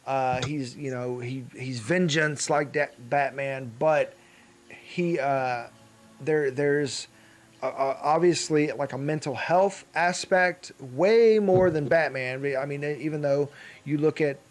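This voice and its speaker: Rambling man, chatty and a bit high. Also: slow. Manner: rambling, many fillers and restarts, laughs often. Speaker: podcast co-host. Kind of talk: casual chat.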